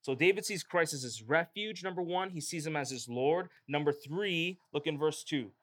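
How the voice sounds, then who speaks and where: Pastor, male, emphatic sermon delivery, slightly higher voice. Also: moderate pace, a bit bright. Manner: emphatic preaching with rising emphasis.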